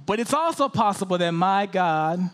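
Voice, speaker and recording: A male preacher with a high voice delivers a dramatic sermon. He swings from loud, pleading questions down to hushed whispers. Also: expressive, normal speed, clean tone.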